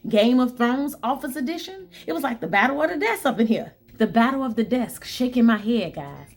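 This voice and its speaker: A woman's voice: on the high side, fairly quick. Bubbly woman telling a story, repeating for emphasis. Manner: animated, repeats phrases for emphasis, talks to viewers; bubbly, upbeat. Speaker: vlogger telling a work story. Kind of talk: storytelling monologue.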